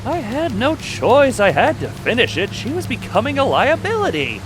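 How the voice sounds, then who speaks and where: A man's voice: very high-pitched, wildly swooping pitch, moderate pace, over music, voice pushed up, heavily acted. A man reading the lines of a desperate, cornered male killer, pleading and frantic.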